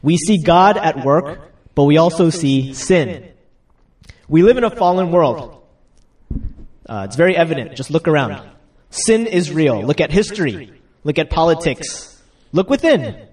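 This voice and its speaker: Young male pastor, chatty and laughing, slightly high voice, recorded from a distance. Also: expressive, unhurried, darkish tone. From United States. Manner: chatty, laughing asides, acts out quotes. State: getting over a cold. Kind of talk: casual sermon.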